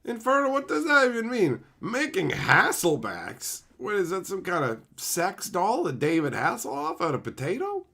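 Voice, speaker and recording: A man's voice: high-pitched, wildly swooping pitch, moderate pace, hardly any pauses, sharp tone. A man from Canada chatting casually on a livestream, swearing freely and laughing often as he answers his chat. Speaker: streamer reading chat.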